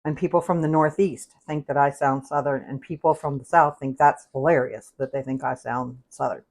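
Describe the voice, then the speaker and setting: A chatty woman with a low voice hosts a casual cooking livestream from her home kitchen. She talks through the recipe with loose, rambling asides and laughs easily. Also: fairly even intonation, normal speed, darkish tone. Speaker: cooking show host.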